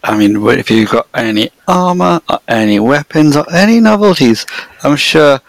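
A man's voice: mid-range voice, animated, normal speed, gravelly, no echo, rough recording. A man playing his tabletop character, friendly and helpful in manner. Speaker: player. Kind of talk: in-character tabletop role-play.

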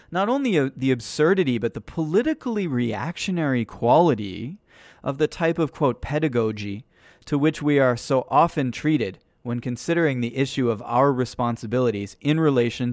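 A man hosting a podcast, reading a political text aloud in steady narration and voicing each quotation mark as "quote" and "unquote". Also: mid-range voice, no echo, clean studio sound.

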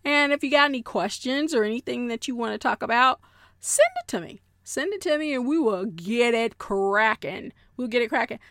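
A woman's voice: fairly high pitch, brisk, few pauses, no echo. Woman, podcast host, casual monologue, playful, slangy, dry booth sound. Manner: animated and playful, slangy, talks straight to listeners.

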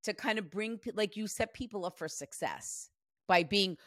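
A woman's voice: medium pitch, moderate pace, fairly bright tone, no room sound. A chatty woman medium talks loosely, full of "like" and quoted messages. The sound is dry and close, with no room around her voice. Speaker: psychic medium host. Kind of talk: casual reading session.

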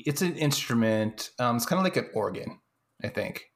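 Animated podcast co-host chiming in. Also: mid-range voice, moderate pace. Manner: chimes in with short reactions and laughs. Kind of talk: casual movie recap chat.

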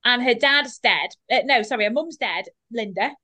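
A woman's voice: a little high, animated, normal speed, bright, forceful tone. A British woman co-hosting a casual TV rewatch podcast, blunt and opinionated. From Britain. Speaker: podcast co-host. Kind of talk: casual chat.

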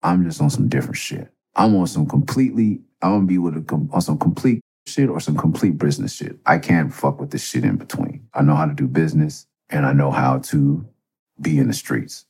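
A man's voice: rumbling low, expressive, fairly quick, gravelly, mellow, breathy edge. A middle-aged man hosting a podcast, telling a story in a casual, profane, rambling way. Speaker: podcast host.

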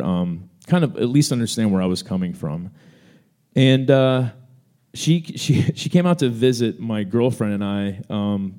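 A man's voice: lowish voice, warm tone. A young man co-hosting a live event, telling a story casually with lots of fillers and restarts, speaking into a stage microphone. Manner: rambling, many fillers and restarts, acts out quoted voices. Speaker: co-host answering audience questions.

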